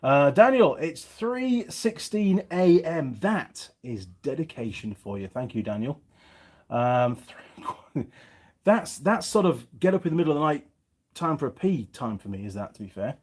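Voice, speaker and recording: A man's voice: on the high side, sing-song, measured pace, darkish tone. A middle-aged man from England with a slightly faded Yorkshire accent, chatting casually on a livestream and reading viewer comments aloud. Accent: Yorkshire English, partly faded. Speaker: YouTube mechanic channel host.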